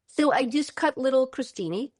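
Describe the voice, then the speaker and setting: A woman's voice: high-pitched, lively intonation, normal speed, no room sound, studio quality. A woman in her fifties, a chef guest on a podcast, chatting in a bubbly way and describing food lovingly. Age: 50s. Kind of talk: casual interview chat.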